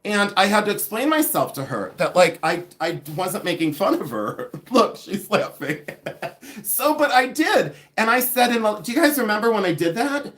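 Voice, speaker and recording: A man's voice: high-pitched, moderate pace. A man hosting a live jewelry sale stream, chatting in a gossipy, rambling way with frequent laughter and side stories. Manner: gossipy, animated, laughs often, rambling asides. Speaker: livestream host selling vintage jewelry. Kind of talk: chatty livestream monologue.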